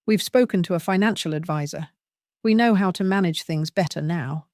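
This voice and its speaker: A woman's voice: lowish voice, normal speed, darkish tone, no echo, studio quality, close to an everyday voice. An older woman voicing her adult son, solemn and stiff.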